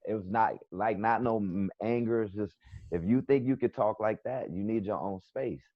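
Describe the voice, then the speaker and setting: A man's voice: fairly low pitch, moderate pace, no room sound. A middle-aged man with a New York accent, telling a rambling story as a comedian guest on a video call. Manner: rambling, storytelling with quoted back-and-forth. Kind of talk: casual video-call chat. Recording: dull lo-fi video call audio.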